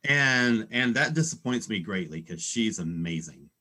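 A man's voice: on the low side, animated, unhurried, pushed and bright. A man in a casual chat, giving strong opinions emphatically.

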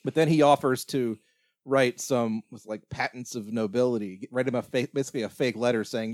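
A man's voice: mid-range voice, steady tone, a little fast, darkish tone, no room sound. Guy rambling on a movie podcast, jokey, lots of laughs, dry close mic. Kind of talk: casual movie podcast chat.

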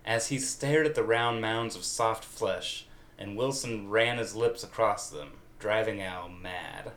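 A man giving a comedic reading of fan fiction aloud in a mock-dramatic, deadpan way. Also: fairly low pitch, measured pace, roomy sound. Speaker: reader.

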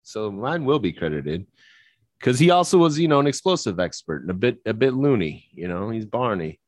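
A man co-hosting a casual movie podcast, animated, laughing often and restarting his sentences. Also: lowish voice, moderate pace, dry recording. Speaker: podcast co-host. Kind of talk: casual chat about movies.

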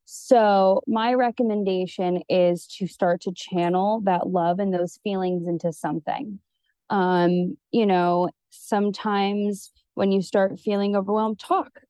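A woman's voice: medium pitch, steady tone, unhurried, mellow, dry recording. A woman therapist talking as a podcast guest in an earnest, rambling way, with many fillers, and sounding teary. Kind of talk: casual conversation.

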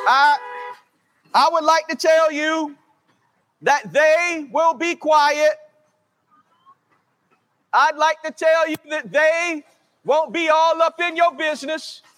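A man preaching from the pulpit with a strikingly high, bright voice. He stretches his words out slowly and calls on the congregation to answer him back. His voice rings with the long reverb of a large church sanctuary. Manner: slow, drawn-out preaching with call-and-response. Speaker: pastor. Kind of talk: sermon.

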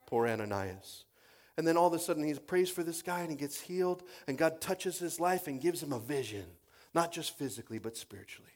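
A man delivers a sermon as an energetic story, voicing the people he quotes and shifting between loud outbursts and hushed stretches. His voice is slightly high and he talks a bit quickly.

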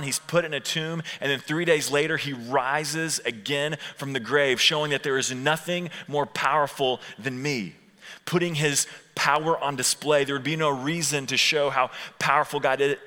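A man in his thirties gives a chatty sermon to a room of students. He acts out the quotes and slows down to stress the key points. His voice is bright and forceful, and it carries a long reverb through a large hall. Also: medium pitch. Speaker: youth pastor.

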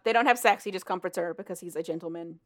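A woman's voice: lowish voice, fast. A woman in casual chat, animatedly retelling a story with laughter and swearing.

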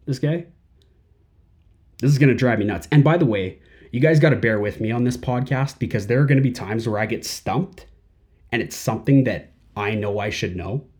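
Rambling man hosting a podcast, fairly low voice. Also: darkish tone. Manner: rambling, heavy on fillers. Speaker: podcast host. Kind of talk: casual podcast monologue.

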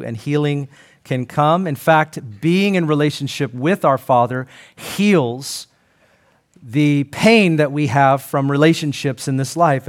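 A middle-aged man preaching a sermon, earnest and conversational, acting out quoted voices. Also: medium pitch. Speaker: pastor.

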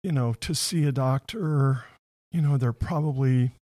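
A man hosting a faith-based interview chat, earnest and openly emotional, often speeding up when he gets excited. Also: mid-range voice, unhurried.

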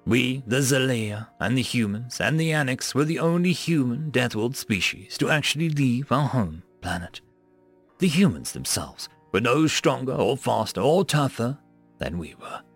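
A man reading science-fiction stories aloud as a narrator, with an expressive delivery. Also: mid-range voice. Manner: expressive reading that rises and falls. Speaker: story narrator.

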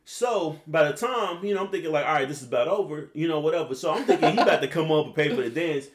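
A man in his twenties, a podcast host, telling a long story in a rambling, profane, animated way. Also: on the high side, fast. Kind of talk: casual storytelling chat. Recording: roomy echo.

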